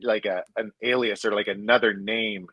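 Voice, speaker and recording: A man with a lowish voice talks at normal speed in a rough recording without room sound. In his thirties or forties and formerly a hockey player, he's a podcast guest telling animated, swear-filled stories, quoting people in shifting voices.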